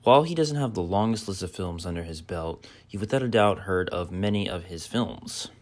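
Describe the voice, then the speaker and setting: Deep-voiced young man narrating a video essay. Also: expressive. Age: young adult. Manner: measured, with uh fillers. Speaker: film student.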